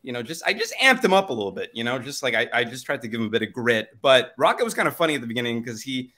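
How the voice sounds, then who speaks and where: A man speaks as a guest in a casual interview, his voice bright and forceful. He answers in a reflective way and laughs easily, heard over a video call. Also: mid-range voice, very animated, rapid-fire. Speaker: voice actor guest.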